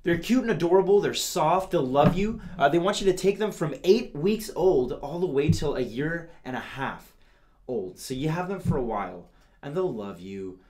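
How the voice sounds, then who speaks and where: A man's voice: a little high, lively intonation, moderate pace, darkish tone. A man hosting a comedic news show, playful and gushing as he talks straight to his audience.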